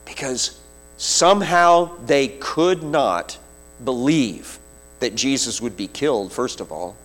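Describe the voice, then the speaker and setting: A man preaching a sermon, retelling a scripture story vividly with slow, deliberate phrasing. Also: mid-range voice.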